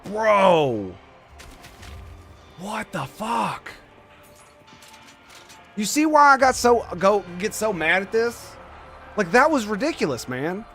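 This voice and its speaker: A man giving live gameplay commentary as a streamer, excitable and quick to swear and rant in exasperation. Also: high voice, faint music behind.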